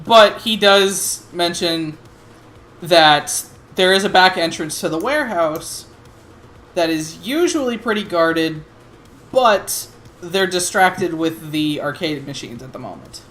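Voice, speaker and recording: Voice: mid-range voice, lively intonation, takes it slowly, fairly bright tone, a little hiss or hum. A game master narrating a tabletop role-playing game in a loose, profane way, with laughing asides.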